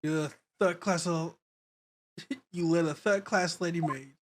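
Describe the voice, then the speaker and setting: A man's voice: fairly high pitch, measured pace, background noise. A man streaming a game, reading its dialogue aloud and cracking jokes between lines. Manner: playful, joking, reads lines in varied voices.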